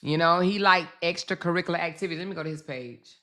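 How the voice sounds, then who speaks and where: A woman hosting a casual commentary livestream, chatting slowly with viewers, swearing and reacting to social media posts. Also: fairly low pitch, bright, forceful tone.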